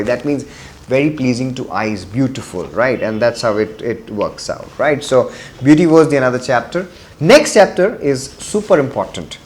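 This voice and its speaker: A male vocabulary teacher gives a test-prep lesson, frequently switching into Hindi and repeating key words for emphasis. His medium-pitched voice is expressive and moves at a moderate pace.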